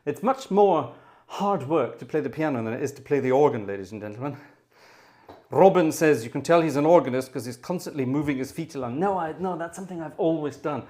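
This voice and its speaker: A man's voice: a little high, animated, a little fast, dark tone. A man hosting a live piano stream, out of breath between pieces, chatty and self-deprecating as he talks to his audience and explains boogie woogie. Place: piano room at home.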